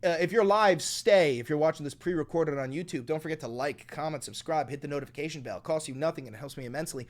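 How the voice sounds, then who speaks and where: A man's voice: a little high, racing, hardly any pauses. A man hosting a live-streamed political commentary show, reading news stories aloud and riffing on them with profanity. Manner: animated, profane, reads news aloud then riffs.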